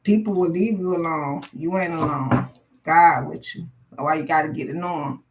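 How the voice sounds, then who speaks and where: A woman's voice: deep voice, normal speed, background noise. Woman, live tarot reader; blunt, preachy, swears freely.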